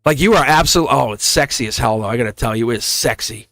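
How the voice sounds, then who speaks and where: A man hosts a live tarot reading, chatty and excited, laughing often and acting out voices as he reads the cards. He has a mid-range voice and talks fast, and the recording is dry.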